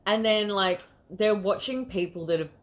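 A woman's voice: mid-range voice, moderate pace. A woman co-hosting a casual movie podcast, swearing freely and laughing often. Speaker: podcast co-host. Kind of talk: casual movie review chat.

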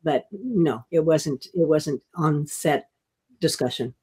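Husky older woman, halting storyteller. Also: low-pitched, darkish tone. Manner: hesitant, halting restarts, chuckling. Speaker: guest, veteran actress. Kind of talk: interview storytelling.

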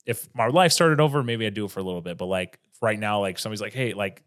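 A man's voice: fairly low pitch, fast talker, fairly bright tone. A man talking as a comedian guest on a podcast, rambling in casual chat, often restarting his sentences and swearing freely.

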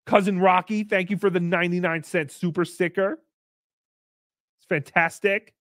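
Man playing a bratty puppet host: high swooping voice, crude sarcastic stream banter, dry close sound. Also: fairly even intonation, normal speed, a bit bright, no room sound. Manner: sarcastic, crude, mock-outraged asides. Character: brash foul-mouthed male puppet show host. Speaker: livestream host reading paid messages. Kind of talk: live-stream character chat.

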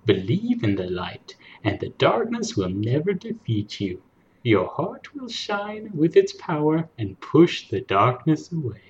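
A man voicing a gentle old grandmother who slowly tells a storybook legend. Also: a little high, huge pitch swings, muffled recording, slight background noise. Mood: solemn. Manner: slow, soft storytelling cadence.

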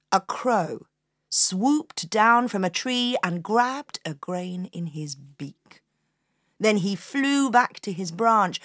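A woman hosting a storytelling podcast, telling a folk tale to children in an expressive, inviting way. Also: mid-range voice, no room sound, clean studio sound. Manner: expressive, inviting the listener to join in.

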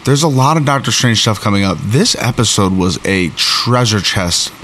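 A man hosting a show, recapping and reviewing an episode in a rambling, excitable way with many fillers and restarts. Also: on the low side, normal speed, a little hiss or hum.

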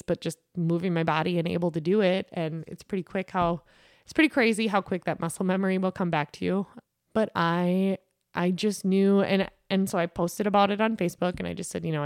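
A woman's voice: on the low side, dry recording, studio quality. A woman in her thirties, a podcast host, telling a personal story about grief in an earnest, rambling way with many fillers and restarts.

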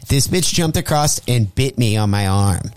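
A man's voice: medium pitch, normal speed, clean tone, dry recording. A male comedian telling a profane comic story as a guest, acting out the voices he quotes. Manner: animated, acts out quoted voices. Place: radio studio.

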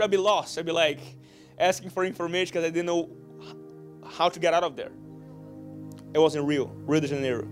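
A man preaching a sermon, telling a story with earnest repeated restarts and building to shouted lines. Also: sits high. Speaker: pastor.

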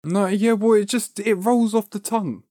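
Higher-voiced podcast co-host. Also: male voice, fairly even intonation, mellow, no room sound, studio quality. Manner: laughs easily, quick reactive replies. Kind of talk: casual chat.

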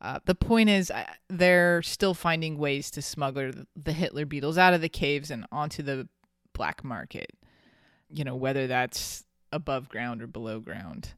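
Smooth-voiced host with laughing storytelling. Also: medium pitch, normal speed, dry recording, studio quality. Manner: animated, laughing often, some restarts. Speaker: podcast host telling the story. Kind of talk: casual storytelling chat.

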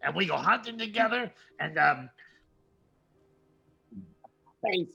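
A man voicing a giant, excitable male dire wolf who rambles and repeats himself in a tabletop game. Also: high voice, fairly quick, vocal fry, slightly rough, muffled recording, heavily acted. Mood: joyful.

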